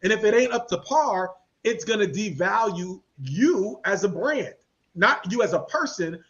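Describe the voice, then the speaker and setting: A man hosting a podcast, talking in a casual, animated and slangy way and acting out the people he quotes. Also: high-pitched, measured pace, muffled recording. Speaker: podcast host. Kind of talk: casual commentary chat.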